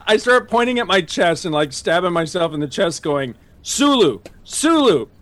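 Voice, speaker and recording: Animated storytelling man, dry close sound. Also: a little fast, no echo. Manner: animated, acts out quotes with big pitch jumps and laughs. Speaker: podcast host. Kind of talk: casual storytelling chat.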